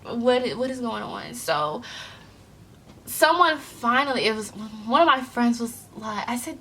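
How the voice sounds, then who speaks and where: A young woman vlogger telling an embarrassing story, animated and acting out the other people in it. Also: high voice, a little slow, a little hiss or hum. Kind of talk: storytime vlog.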